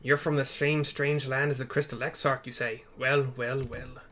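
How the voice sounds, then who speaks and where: Feisty small dwarf warrior, rough wobbly accent, gruff talk, game dialogue read out by a man. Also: mid-range voice, flat delivery, normal speed, a bit bright, close to an everyday voice. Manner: rough put-on accent, slips in and out.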